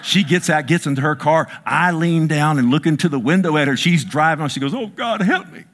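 A pastor in his sixties preaches to his congregation, swinging between loud, high outbursts and slow, low emphasis. He drops in self-mocking asides along the way.

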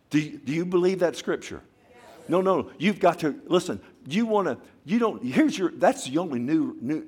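Male pastor mid-sermon, emphatic, swinging from loud bursts to hushed emphasis, calls for "amen". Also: medium pitch. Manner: emphatic preaching with call-and-response questions. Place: church service.

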